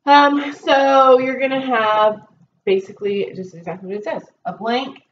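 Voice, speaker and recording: A woman whose voice sits on the high side, with fairly even intonation and a measured pace, teaches a Spanish class. She patiently walks students through a test, saying um and okay often, in a dull, roomy recording with faint background noise.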